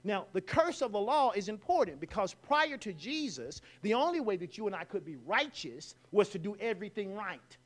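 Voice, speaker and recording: A man preaching a sermon in a church, leading the congregation in call-and-response and rising to loud exclamations. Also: high-pitched, sing-song, normal speed, few pauses.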